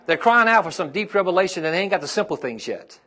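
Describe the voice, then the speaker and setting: A man's voice: sits high, lively intonation, fast, pushed and bright. A man, a pastor preaching a sermon to his congregation and calling out to them as his intensity rises.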